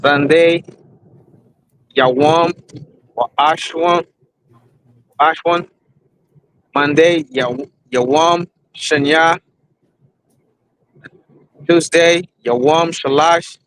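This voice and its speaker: A man's voice: a little high, steady tone, very slow, long pauses, fairly bright tone, a little hiss or hum, rough recording. A man student reciting the days of the week to his instructor, word by word.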